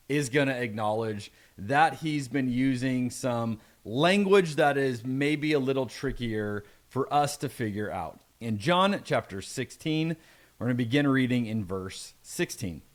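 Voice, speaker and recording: A middle-aged man preaching a conversational sermon, reading scripture aloud and adding playful asides. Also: mid-range voice. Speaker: pastor.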